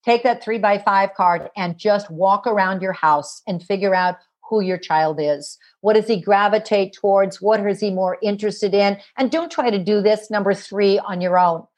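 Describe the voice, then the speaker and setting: A woman's voice: medium pitch, normal speed, hardly any pauses, a little mellow. A middle-aged woman, a parenting author, telling stories in an interview and acting out the voices of the people in them. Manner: acts out voices of children and parents in her stories. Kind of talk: animated storytelling interview.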